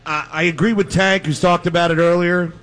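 A man hosting a live sports radio show from a restaurant, loud and joking. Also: high-pitched, fairly even intonation, brisk. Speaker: radio host.

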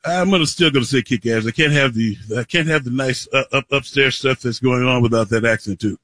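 A man's voice: medium pitch, brisk, fairly bright tone, dry recording. A man on a podcast panel giving blunt opinions in casual chat.

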